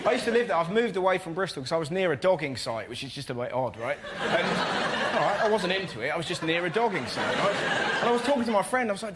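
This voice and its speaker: A man doing panel show stand-up, animated and often shouting in put-on voices. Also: sits high, quick pace. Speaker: comedian. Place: TV studio with live audience. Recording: TV studio with loud audience and noise.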